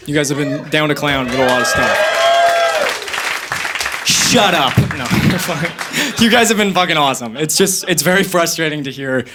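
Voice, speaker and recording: A man's voice: a little high, bright, forceful tone, slight background noise. A young man in his twenties doing stand-up comedy on stage before a live audience, rambling and profane.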